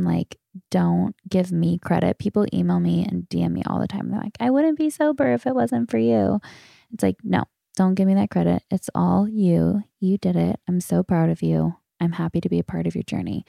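A woman's voice: on the low side, gravelly, dark tone, no room sound, clean studio sound. A woman in her thirties hosting a solo podcast, answering listener questions in a frank, candid way, swearing casually. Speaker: podcast host.

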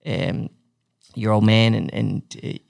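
A male interviewer with a gravelly, fry-laced voice, recorded close and dry with no room sound. He feels his way through long questions, stumbling over fillers as he goes. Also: on the low side, fairly even intonation, darkish tone, dry recording. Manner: halting, searching questions with many fillers. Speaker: interviewer, host.

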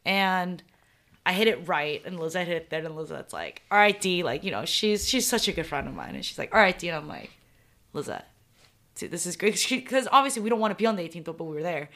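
Loud, animated woman telling stories. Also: on the low side, fast. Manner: loud, animated, laughs often, acts out quotes. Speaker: professional golfer, podcast guest. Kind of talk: casual interview storytelling.

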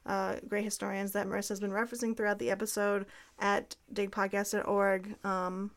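A woman's voice: medium pitch, level tone, brisk. A woman co-hosting a podcast who reads out the show's contact details and makes dry jokes. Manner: dry, joking. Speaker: podcast co-host. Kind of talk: casual chat.

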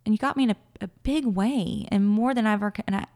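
A woman in her thirties, a podcast guest, telling a personal story with animated voices for her past self and frequent laughter. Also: mid-range voice, quick pace. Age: 30s. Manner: animated, acts out her own past words, laughs often. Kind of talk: emotional personal storytelling in an interview.

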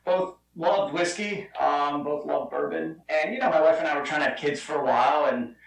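A man's voice: on the high side, normal speed, vocal fry, roomy sound, recorded from a distance, soft background music, poor audio. A middle-aged man from New Jersey, a guest telling his story in a chatty, rambling way full of fillers. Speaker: guest, bourbon company founder. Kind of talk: casual storytelling.

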